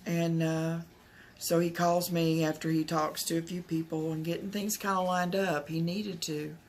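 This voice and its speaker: A woman's voice: fairly low pitch, flat delivery, moderate pace, a little mellow, slight background noise. A woman from Texas, telling a personal story to camera in a rambling way, full of fillers and restarts. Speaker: vlogger.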